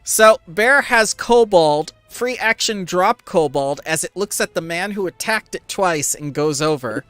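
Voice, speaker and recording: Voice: mid-range voice, expressive, measured pace, a bit bright, smooth, no echo, soft background music. A game master running a tabletop game over a voice call, narrating rolls and giggling often. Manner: giggly, apologetic, narrating dice results.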